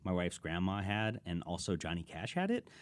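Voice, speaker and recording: A young man from Texas co-hosting a podcast, chatting casually and telling lively stories. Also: sits low, normal speed. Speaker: podcast co-host. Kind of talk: casual chat.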